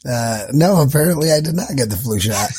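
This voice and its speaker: A sick man with a hoarse, raspy voice, self-mocking and crude, co-hosting a casual comedy podcast. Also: mid-range voice, expressive, brisk, darkish tone, dry recording. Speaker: podcast co-host.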